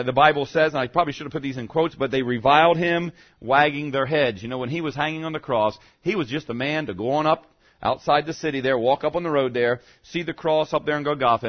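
Male pastor, sermon, rhetorical questions, mid-pitched voice, slightly muffled recording. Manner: rhetorical questions, voices quotes in dropped low tones.

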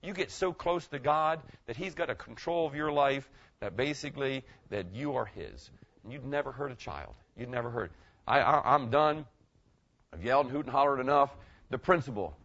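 A middle-aged man preaching a sermon as pastor, swinging between loud emphatic lines and hushed ones. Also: mid-range voice, muffled recording. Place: church.

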